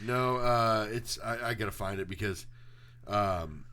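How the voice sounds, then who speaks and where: A man's voice: fairly low pitch, unhurried, pushed and bright, clean tone. A man co-hosting a podcast in casual chat, talking hesitantly with many fillers and restarts. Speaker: podcast co-host.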